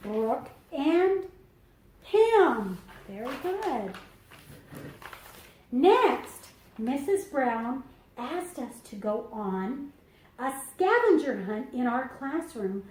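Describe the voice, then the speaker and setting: A woman reading a picture book aloud to preschoolers, slow and sing-song, stopping to explain things to the children. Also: a little high, animated, darkish tone. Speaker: children's librarian. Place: library room. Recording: echoey room.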